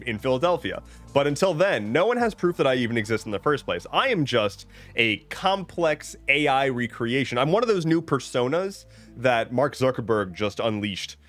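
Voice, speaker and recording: Man, live streamer, lively pitch, rambling casual chat, joking, frequent restarts, faint background music. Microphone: webcam setup at home.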